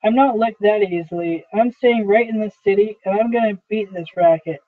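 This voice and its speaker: Guy doing a stubborn young son, defiant, insistent, high-ish voice, phone-like audio. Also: normal speed, no room sound, close to an everyday voice.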